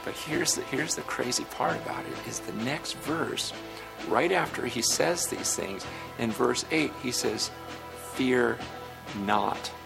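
A man's voice: medium pitch, takes it slowly, gravelly. A man preaching a sermon in a conversational way, acting out little dialogues. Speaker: pastor. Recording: music playing under the voice.

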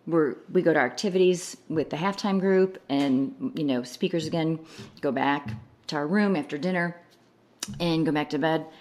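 A woman telling a personal story in a casual chat, acting out the voices of the people she quotes. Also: low-pitched. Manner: animated retelling, laughing through quoted lines. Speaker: guest.

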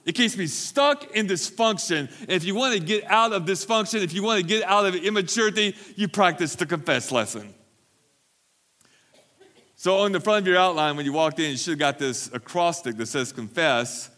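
A man's voice: high voice, expressive, moderate pace, bright, forceful tone. A man preaching a sermon as pastor at a church recovery meeting, emphatic and repeating phrases for stress.

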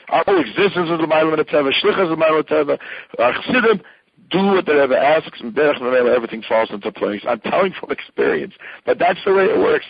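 Fervent husky older man, Yiddish-laced. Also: on the high side, no room sound, dull audio. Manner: fervent, repetitive, mixes in Yiddish and Hebrew phrases. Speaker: Chabad rabbi. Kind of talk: impassioned interview answer.

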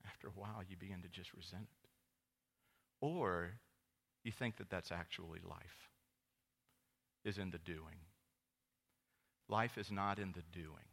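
A man preaching a sermon as pastor, telling stories with lively quoted voices that jump high and loud. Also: measured pace, gravelly, long pauses. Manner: storytelling with animated quoted voices, rising to loud high exclamations.

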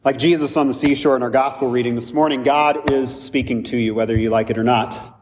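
A pastor with a medium-pitched, steady voice preaches a sermon from the pulpit, speaking a little fast and conversationally to his congregation with touches of humor. He sounds set back from a distant mic in a church sanctuary, his voice ringing through a long, echoing hall over a noisy background.

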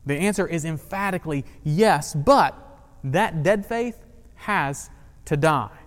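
Man, pastor, conversational sermon, higher-pitched voice, echoing hall. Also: slow. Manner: conversational, uses humor and rhetorical questions.

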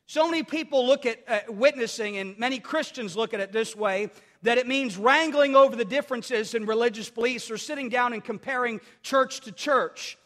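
A man's voice: very high-pitched, moderate pace, big-room sound. A man preaching a sermon as pastor, telling stories with lots of restarts and repeated words. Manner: animated storytelling with many restarts.

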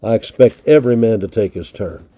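A man reading the part of a stern expedition commander in a storybook, sharp and commanding. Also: fairly low pitch, a little fast, lightly acted. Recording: tinny narrow lo-fi recording.

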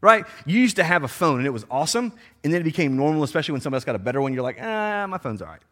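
A man's voice: a little high, animated, very fast, bright, forceful tone. A man preaching a sermon in a casual, slangy way, acting out the people in the story with playful voices. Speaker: pastor.

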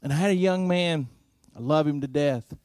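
A man preaching a storytelling sermon, earnest, moving between loud emphasis and hushed, intimate passages. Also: a little high, moderate pace, no echo, studio quality.

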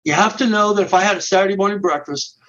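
Quick, high-pitched and fairly bright in tone, a middle-aged men's ministry director takes a podcast interviewer through his method step by step, with many restarts and repeated words. The audio is muffled and dull.

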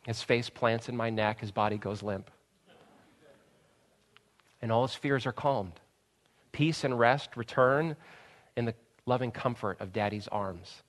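A man in his thirties, a pastor, preaching a sermon in an earnest way, dropping soft and slow, then rising to loud emphatic bursts. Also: mid-range voice.

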